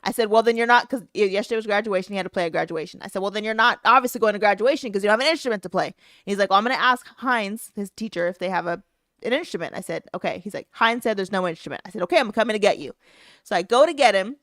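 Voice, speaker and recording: A woman co-hosting a casual podcast, recorded close and dry with no room sound. She tells a story with a lot of life and acts out the voices of the people in it. Her pitch sits in the middle range for a woman. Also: racing, fairly bright tone, no room sound. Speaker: podcast co-host. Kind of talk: casual chat.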